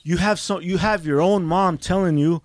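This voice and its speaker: A man's voice: high voice, normal speed, no room sound. A man on a podcast candidly telling his own life story, blunt and swearing often, getting emotional as it hits him. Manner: blunt, heavy swearing, acts out quoted dialogue; emotional, voice rising when stirred. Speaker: podcast guest.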